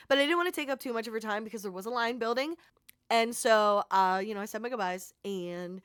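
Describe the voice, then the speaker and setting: A woman's voice: fairly high pitch, fairly quick, fairly bright tone, clean tone, no echo. Gushing young woman vlogger, dry sound. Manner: rambling, heavy use of "like", heartfelt and gushing. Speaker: content creator. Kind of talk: casual vlog recap.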